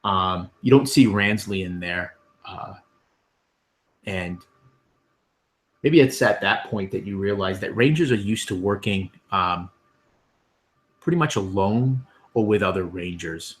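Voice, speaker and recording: A man's voice: deep voice, a little slow, pauses often. A man narrating scenes as game master of a tabletop game, with many ums and restarts.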